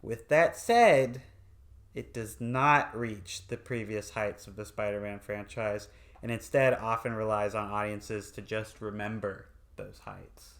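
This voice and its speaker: A man's voice: fairly low pitch, a little slow, a bit bright. A man co-hosting a podcast, chatting casually about movies, swearing now and then and laughing often. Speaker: podcast co-host. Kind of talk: casual movie review chat.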